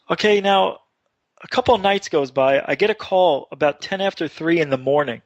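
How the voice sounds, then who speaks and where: A man telling a long personal story on a talk show, getting animated and louder as it builds. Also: on the high side, normal speed, dry recording. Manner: animated, excited retelling with rising voice. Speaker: radio show guest. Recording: dull dry online radio audio.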